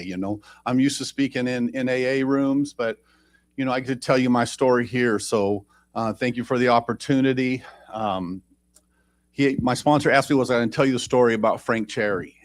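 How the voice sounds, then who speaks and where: A man's voice: mid-range voice, dry recording. A man sharing his personal recovery story at a meeting, in a rambling, conversational way with self-deprecating humor.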